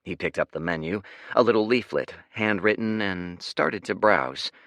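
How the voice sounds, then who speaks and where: A man's voice: low-pitched, expressive, moderate pace, a bit bright, no echo, clean studio sound. A man narrating an audiobook expressively, switching into character voices. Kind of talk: scripted narration.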